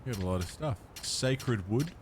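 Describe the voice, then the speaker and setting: A man's voice: mid-range voice, expressive, normal speed, slight background noise. A man streaming a video game, chatting casually with viewers, laid-back and swearing freely. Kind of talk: casual let's-play chat.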